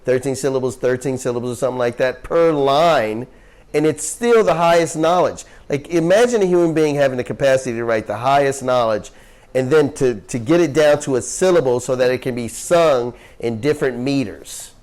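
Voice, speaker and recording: A man's voice: medium pitch, brisk, a little mellow. A man teaching a group about yoga scriptures in an earnest, emphatic way, often asking questions and laughing easily as he tells stories. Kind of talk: spiritual teaching talk to a group.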